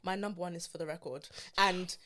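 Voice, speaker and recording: A woman's voice: lowish voice, fairly even intonation, fairly quick, sharp tone. A woman in her twenties, a guest on a casual music podcast, talking enthusiastically with fond exclamations.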